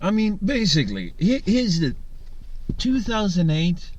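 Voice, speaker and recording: A man in a casual podcast chat who rants with a lot of swearing. His pitch swings a lot as he talks. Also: huge pitch swings, measured pace, a little mellow, lo-fi sound, a little hiss or hum. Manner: profane, ranting. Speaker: podcast co-host.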